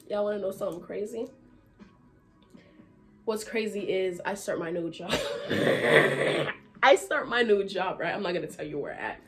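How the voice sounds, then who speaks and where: A young woman, telling a candid story time to her viewers with lots of laughter. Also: on the high side. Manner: laughing often, animated and candid, slangy. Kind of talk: casual storytime chat to viewers.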